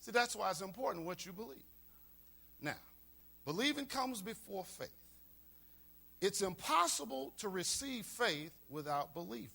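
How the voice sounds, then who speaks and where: A male pastor preaches a sermon, repeating key lines for emphasis in a call-and-response style. His voice sits high and comes out creaky, pushed and bright.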